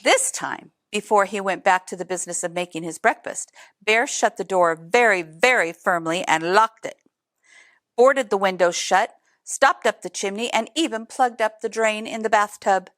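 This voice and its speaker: A woman reading a picture book aloud in an expressive way, adding chatty asides to young listeners. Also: medium pitch, normal speed, dry recording, clean studio sound. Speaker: storybook reader.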